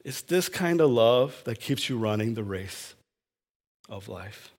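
A man preaching a sermon as pastor, passionate and shifting between raised, intense lines and hushed, tender ones. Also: medium pitch, lively intonation, unhurried. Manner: impassioned, swings from loud to hushed.

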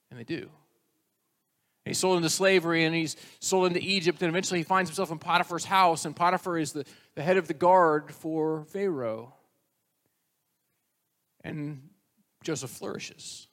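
A man preaching a sermon, retelling scripture as a lively story and acting out the quoted voices. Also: on the high side. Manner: storytelling, acts out quoted voices with rising energy. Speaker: pastor.

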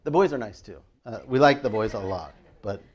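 Animated, conversational middle-aged pastor. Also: male voice, fairly low pitch, brisk. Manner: conversational, animated storytelling with frequent "I mean" and "like". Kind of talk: sermon.

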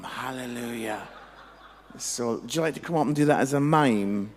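A Scottish man, a Christian comedian, telling a humorous testimony in an animated, jokey storytelling way. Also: medium pitch, a little slow, long reverb tail. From Scotland.

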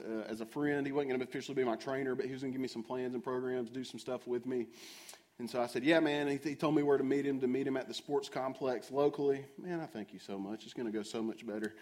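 A man's voice: medium pitch, darkish tone. A man preaching a sermon, telling a self-mocking story and asking the audience questions directly.

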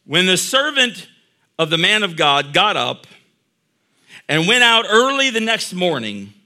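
A man's voice: high voice, big pitch swings, a little slow, sharp tone. A middle-aged man preaching a sermon, reading scripture aloud and then explaining it in a conversational way. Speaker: pastor.

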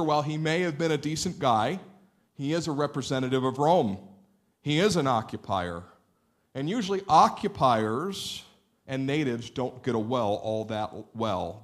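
Man preaching with swings from loud to hushed. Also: mid-range voice. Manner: preaching with wide swings between loud emphasis and quiet, hushed lines; explains like a teacher, checking in with the congregation. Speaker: pastor. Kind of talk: sermon.

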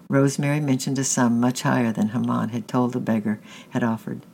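A man reading a storybook chapter aloud in a steady narration, often correcting himself mid-phrase. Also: medium pitch, brisk, creaky, hardly any pauses, slight background noise, low-quality recording. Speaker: audiobook reader.

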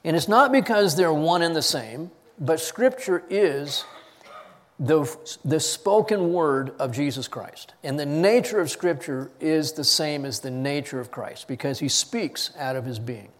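Animated male preacher, fairly high voice. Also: a little slow, long reverb tail. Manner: animated preaching, rising loud for scripture readings, dropping low on key points. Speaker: pastor. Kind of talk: sermon.

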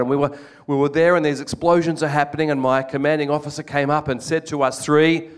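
A man's voice: on the high side, flat delivery, quick pace, hardly any pauses, clear, resonant tone. A man telling his life story as a testimony sermon to a congregation, earnest, often restarting and repeating words. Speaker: guest speaker giving testimony.

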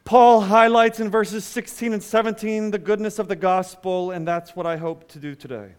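A man preaching a sermon as pastor, swinging between loud emphatic lines and hushed asides. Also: high voice, steady tone, moderate pace, clean tone, in a large hall.

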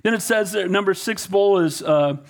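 A man's voice: high-pitched, normal speed, gravelly. A man preaching a sermon as pastor, often asking the congregation questions and repeating words as he goes.

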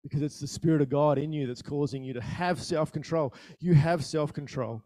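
A man preaching a sermon in a conversational style, asking the listeners questions and telling stories with sudden bursts of loudness. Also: on the high side, fairly quick, no room sound, studio quality. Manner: animated storytelling with sudden rises in volume. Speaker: pastor.

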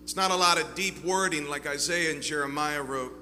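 Fervent, bright-voiced preacher man. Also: fairly high pitch, a little fast. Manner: fervent preaching, swinging between loud and hushed. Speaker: pastor. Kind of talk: sermon. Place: church sanctuary. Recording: reverberant hall with faint hum.

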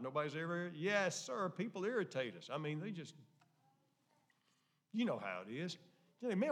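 A man preaching a sermon in a folksy style, swinging between hushed low lines and loud excited outbursts. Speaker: pastor. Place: church sanctuary.

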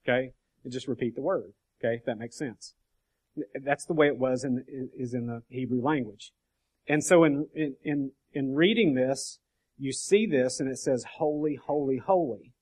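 A man teaching a relaxed Bible study group, speaking at an ordinary middle pitch. He talks in a loose, conversational way, stopping often to ask his listeners whether they are following and restarting his sentences as he goes. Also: normal speed. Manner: conversational, frequent "okay?" check-ins and restarts.

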